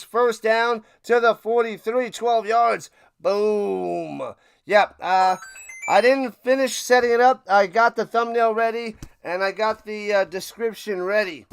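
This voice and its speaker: A chatty man calls a football game for his livestream watch party, joking along and jumping up in excitement on the big plays. His voice sits high and sounds smooth and clear. It is dry and close to the mic, with no room sound. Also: no room sound. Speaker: livestream play-by-play host. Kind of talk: casual play-by-play watch party commentary.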